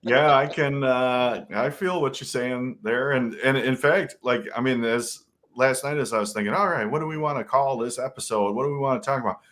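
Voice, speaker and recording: Man, podcast host, casual chat, jokey, laughs a lot, mid-pitched voice. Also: moderate pace, few pauses, fairly bright tone. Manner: jokey, laughs often, greets live viewers.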